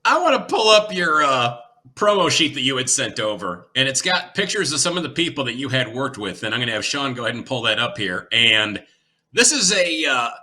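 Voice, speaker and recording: Easygoing male host, sharp bright tone. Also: medium pitch, sing-song, brisk. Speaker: podcast host. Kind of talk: casual interview.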